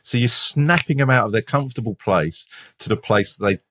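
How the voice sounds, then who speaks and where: A man with a London accent, a detective, telling work stories in casual podcast talk, animated, with frequent restarts and repeated words. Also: medium pitch, a little fast. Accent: London English. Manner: laughs while telling stories.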